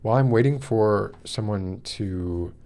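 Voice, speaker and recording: Man, low-pitched, podcast host, casual livestream, rambling, lots of fillers, reads aloud. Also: measured pace, a little mellow. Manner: rambling, many fillers, greets live chat. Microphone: wears in-ear monitors.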